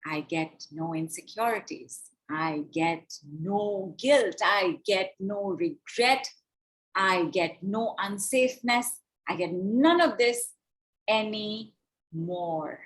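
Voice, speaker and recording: Slow-chanting woman leading money affirmations. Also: medium pitch, lively intonation. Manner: slow, chanting repetitions with breath cues. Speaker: spiritual money coach. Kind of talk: guided affirmation session on a call.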